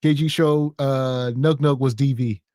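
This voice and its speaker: A man's voice: mid-range voice, fairly even intonation, unhurried, darkish tone, dry recording, clean studio sound. A man co-hosting a podcast, joking in slang and reading out chat comments. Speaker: podcast co-host.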